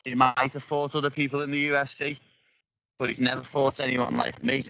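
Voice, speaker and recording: A man's voice: mid-range voice, flat delivery, fairly quick, gravelly, bright, forceful tone, no echo, poor audio. A young man with a Scouse accent, a fighter talking bluntly and with heavy swearing in a remote interview. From Liverpool, England. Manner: blunt and profane, lots of slang. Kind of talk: casual interview. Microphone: earphones on a remote call. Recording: faint noise on a dying headset line.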